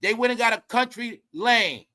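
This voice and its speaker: A man with a high, bright voice delivers a heated gossip commentary. He swears freely and lectures his viewers, hammering the same points again and again. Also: normal speed. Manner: heated, swearing, repetitive and preachy. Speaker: commentary channel host. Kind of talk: ranting celebrity gossip commentary.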